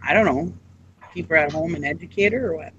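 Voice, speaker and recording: A man's voice: fairly high pitch, quick pace, lo-fi sound, background noise. A man co-hosting a casual live chat show, rambling with lots of ums and restarts. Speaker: co-host.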